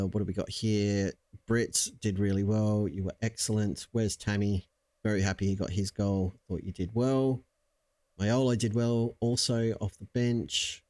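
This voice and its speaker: A man casually commentating his own video game session, chatty and self-mocking, lively when cheering on his team. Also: mid-range voice. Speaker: video game let's-play host. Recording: clear background noise.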